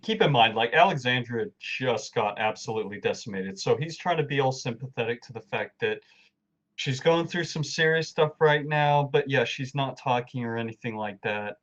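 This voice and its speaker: A man's voice: medium pitch, moderate pace, dull audio. A man co-hosting a casual gaming podcast, recapping story scenes in an easygoing, agreeable way and laughing along readily. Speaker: podcast co-host. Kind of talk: casual game walkthrough chat.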